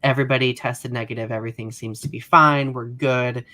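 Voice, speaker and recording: A man's voice: medium pitch, steady tone, fairly quick, sharp tone. A man hosting a casual podcast over a video call, chatty, laughing often and trailing off mid-sentence. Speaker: podcast host. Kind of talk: casual chat.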